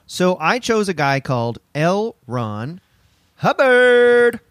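Animated, laughing male podcast host. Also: on the high side, slow pace, no echo. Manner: animated, laughs often, jokey. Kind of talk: casual comedic chat.

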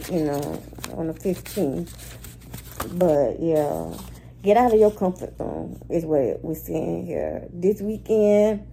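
A woman's voice: on the low side, vocal fry, warm tone, a little hiss or hum, rough recording. A woman hosting a weekly spiritual reading vlog, talking in a candid, slangy, rambling way. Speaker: astrology and spiritual reading host.

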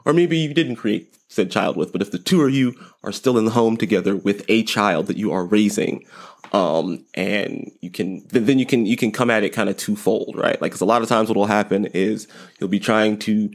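Podcast host, a man in his thirties, low and gravelly, rambles through parenting advice with self-deprecating jokes. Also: normal speed. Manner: rambling, repeats words, light self-deprecating humor. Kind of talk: casual parenting advice monologue.

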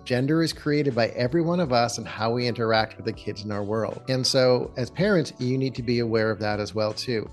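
A man, a therapist, calmly explaining parenting advice as a guest in an interview, posing reflective questions. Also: medium pitch. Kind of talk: conversational advice in a podcast interview.

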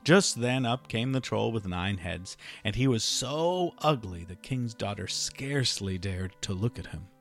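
A man reading a fairy tale aloud, expressive and dramatic. His voice is gravelly, with faint music underneath. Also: on the low side, unhurried, hardly any pauses. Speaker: storyteller.

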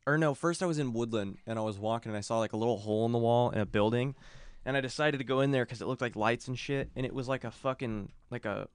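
A man's voice: mid-range voice, quick pace, clean tone, no echo. A young man in casual podcast chat, rambling through a long story with lots of cursing and filler words. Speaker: podcast co-host.

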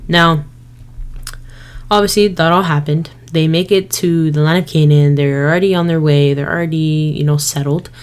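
Low-voiced young woman, slangy podcast host. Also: normal speed, smooth. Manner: slangy, lively retelling with quoted voices. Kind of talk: casual faith podcast retelling.

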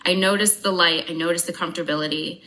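A woman speaks as an interview guest, frank and unguarded, swearing freely. Her voice sits a touch low but comes across bright and forceful. She moves briskly through her account with dry, wry humor. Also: steady tone, poor audio. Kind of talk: candid personal storytelling.

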